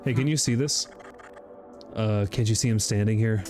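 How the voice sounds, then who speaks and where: A man streaming a game, giggling often, swearing, and breaking into sudden high shrieks as he comments to chat. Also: normal speed, music in the background. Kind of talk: gaming livestream commentary.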